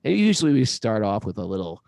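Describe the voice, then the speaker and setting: A man co-hosting a relaxed conversation, storytelling with lively swings of pitch and a gravelly rasp. His voice sits fairly low and the recording is dry, with no room sound. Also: quick pace, no echo. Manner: animated storyteller, jumps into playful voices and laughs. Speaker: podcast co-host. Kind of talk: casual chat. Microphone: remote call.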